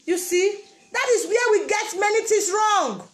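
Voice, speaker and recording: A woman's voice: very high-pitched, expressive, normal speed. A woman with a Nigerian Pidgin English accent giving a casual motivational talk, repeating her phrases for emphasis. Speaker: vlogger.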